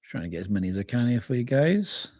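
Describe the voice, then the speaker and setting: A man's voice: mid-range voice, sing-song, quick pace, mellow, no room sound, studio quality. A man hosting a live fan reaction stream, chatting informally as he reads out viewers' comments and calls them mate. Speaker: fan channel host. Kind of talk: live match reaction, reading chat comments.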